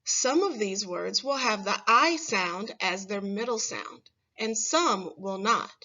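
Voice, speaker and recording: A woman teaching a phonics lesson to first graders, saying each word slowly and clearly for the children to repeat. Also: mid-range voice, expressive, sharp tone, lo-fi sound. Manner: slow, clear, stressing single words for children to repeat.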